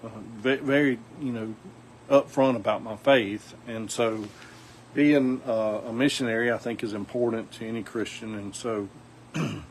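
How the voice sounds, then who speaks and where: A man's voice: mid-range voice, fairly even intonation, normal speed, slight background noise, low-quality recording. Folksy Southern man rambling outdoors. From South Alabama. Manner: rambling, folksy, many fillers and restarts. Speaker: outdoors vlogger. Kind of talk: casual talk to camera.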